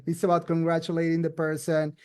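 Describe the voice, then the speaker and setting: A man's voice: fairly high pitch, monotone, fast talker, a little mellow, smooth. A man sharing social media tips in a casual online talk, chatty and full of "you know" and "I mean". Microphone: video call.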